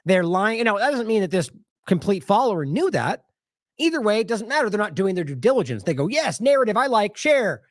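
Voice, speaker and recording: A man's voice: high-pitched, no echo, clean studio sound. A man giving casual independent news commentary, indignant and talking straight to his viewers while he reacts to social media posts.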